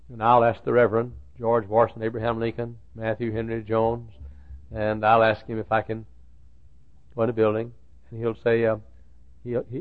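A pastor preaching a sermon, telling stories and repeating phrases as he builds to emphatic peaks. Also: fairly low pitch. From Dallas, Texas. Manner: storytelling, repetitive, rising to emphatic peaks. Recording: tinny lo-fi old sermon tape.

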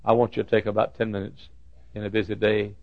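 A man's voice: fairly low pitch, completely flat delivery, fast talker, creaky, no room sound. A man preaching to school staff in a folksy sermon, telling humorous stories with self-deprecating asides. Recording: dull lo-fi recording.

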